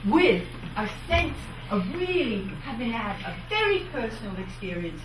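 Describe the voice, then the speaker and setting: A woman teaching accents with lively, playful demonstrations. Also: a little high, normal speed. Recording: roomy, from far off, noisy.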